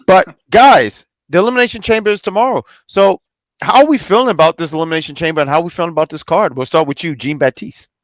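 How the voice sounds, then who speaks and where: A man hosting a casual podcast, lively and jokey, stumbling over his words now and then. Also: a little high, fast talker, dry recording. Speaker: podcast host.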